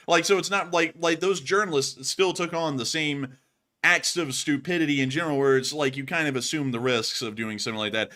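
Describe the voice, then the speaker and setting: A man hosting a casual war-news commentary show, opinionated and rambling, with lots of "like" fillers. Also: mid-range voice. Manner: rambling, heavy use of "like" fillers; opinionated and animated. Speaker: show host.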